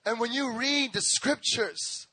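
A young man preaching a lively sermon, telling stories, acting out voices and laughing often, with a repetitive, rhythmic emphasis. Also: very high voice, a little slow, breathy edge.

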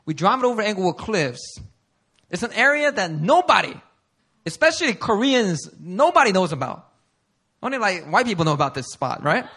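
A male pastor telling a personal story in a sermon, animated and conversational, often laughing. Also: sits high, normal speed, breathy edge. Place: church service before a congregation.

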